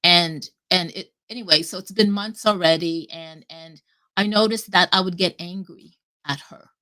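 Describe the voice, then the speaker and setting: A woman talking casually and at length on a live audio chat, rambling and animated, cutting herself off and swearing freely. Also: on the low side, moderate pace. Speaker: guest speaker.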